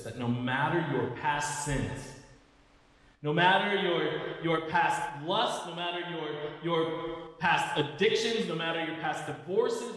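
A man preaching in a church sanctuary, his earnest sermon carrying through a long, echoing hall. His voice sits a little high for a man, and he leans hard on key words. He is heard from a distance, off the mic. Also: a bit bright. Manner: earnest preaching, slows and stresses key phrases. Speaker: pastor.

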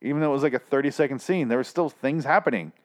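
A man reviews a TV season in a rambling, profane rant full of exasperation. His voice sits at an ordinary pitch and is wearing hoarse from all the shouting. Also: racing. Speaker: TV show reviewer. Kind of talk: casual ranting review.

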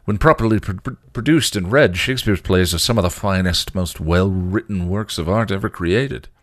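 A man voicing a dry, teasing, bookish vampire in a low gruff drawl while reading a story aloud. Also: moderate pace, no room sound.

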